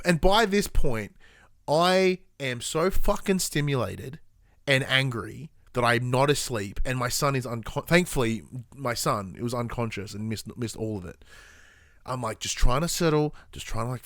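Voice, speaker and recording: A man's voice: medium pitch, a bit bright, no room sound, studio quality. A tired man, co-hosting a podcast, telling stories animatedly and swearing freely in casual chat. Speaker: podcast co-host.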